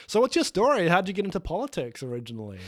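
A man's voice: sits high, huge pitch swings, rapid-fire, fairly bright tone, dry recording, clean studio sound. A man hosting an improvised comedy interview, teasing his guests playfully. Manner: playful, teasing, laughs often. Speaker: host interviewing characters.

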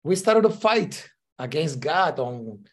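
First-language guy telling a story on a podcast, lots of uhs, kinda higher voice. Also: big pitch swings, takes it slowly. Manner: many "uh" fillers, acts out quoted voices. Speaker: ministry leader, guest. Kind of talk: casual interview storytelling.

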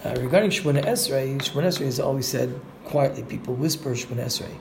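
A man's voice: mid-range voice, quick pace, gravelly, background noise. A man, a rabbi, giving a spoken lesson on Jewish law, explaining step by step and glossing Hebrew terms in English.

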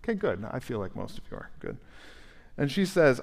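A male pastor preaching a conversational, animated sermon and asking the congregation questions in a church sanctuary. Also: medium pitch, a little fast, gravelly.

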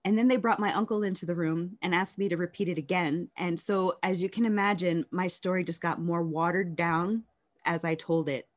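A woman telling her life story in an interview, candid and reflective, often halting and restarting. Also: lowish voice, steady tone.

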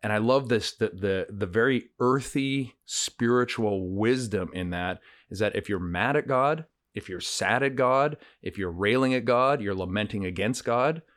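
A man with a low, deep voice co-hosts a faith podcast in a reflective conversation. He talks earnestly, circling back with fillers and restarts. The recording is dry and close. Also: measured pace, few pauses, a bit bright, no room sound. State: getting emotional. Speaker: podcast co-host. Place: countryside home.

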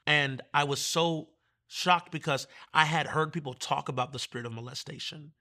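A guest minister from Virginia tells his testimony conversationally, animated and acting out the voices he quotes. His voice sits on the high side at a normal speed.

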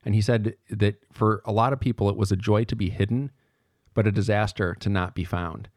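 A man with a low-set voice talks through a podcast lecture in a relaxed, conversational way, recorded close and dry with no room sound. He keeps asking "right?" and restarts sentences as he goes, sounding like a young lecturer chatting rather than reading. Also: brisk, dry recording. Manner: chatty, asks "right?" often, trails off and restarts.

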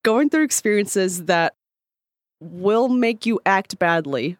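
A woman's voice: mid-range voice, slow, no echo, studio quality. A woman co-hosting an advice podcast in casual chat, talking with lots of "like"s and acting out little quotes. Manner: chatty, animated, acts out quotes with many "like"s.

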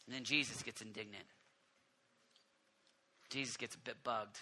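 A man preaching a sermon to a congregation in a church, animated and emphatic, building his points through repetition. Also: medium pitch, normal speed, a little hiss or hum. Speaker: pastor.

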